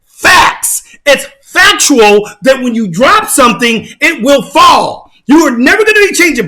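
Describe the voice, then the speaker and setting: A man giving a mocking, emphatic rant as reaction commentary on his channel, often bursting into shouts. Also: extremely high pitch, very animated, measured pace. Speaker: channel host.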